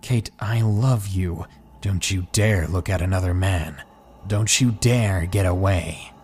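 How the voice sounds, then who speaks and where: A man's voice: on the low side, animated, measured pace. A man playing an obsessive, possessive young man who speaks with creepy intensity in a horror story. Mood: angry. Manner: creepy, intense, shifting from angry to soft.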